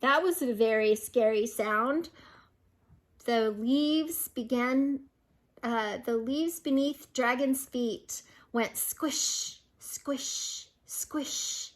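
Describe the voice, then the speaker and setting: A woman's voice: on the high side, slow pace. An older woman reading a picture book aloud to children, amused and breaking in with chatty asides. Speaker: storyteller.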